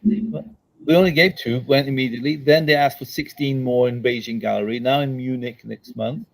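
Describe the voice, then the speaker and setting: The older guest entrepreneur sounds creaky, with a medium pitch, fairly even intonation, and moderate pace, captured on a rough recording. Sitting for an interview at his daughter's house, he tells stories forcefully and asks "okay?" and "all right?" along the way.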